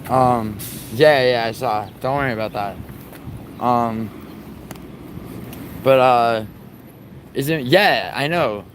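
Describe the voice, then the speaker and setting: A man's voice: medium pitch, slow pace, pauses often. Young New man ranting outdoors. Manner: profane, teasing banter with chat. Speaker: livestreamer. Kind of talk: casual livestream chat with viewers. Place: outdoors on a city street. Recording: faint street and traffic noise.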